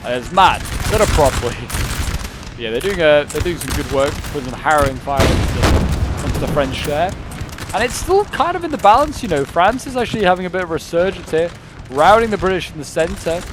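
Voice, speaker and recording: A man casually commentating a strategy-game battle, chatty and excitable with lots of fillers. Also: on the high side, brisk, background noise. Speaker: gameplay commentator. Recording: loud gunfire and artillery from the game. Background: battle sounds, cannon and musket fire.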